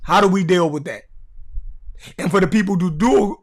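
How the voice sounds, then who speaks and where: A man's voice: high voice, normal speed. A man with a Baltimore accent hosting a podcast, talking casually and bluntly to his live chat, cursing and repeating himself for emphasis. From Baltimore, USA. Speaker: podcast host. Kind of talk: casual livestream talk to a chat.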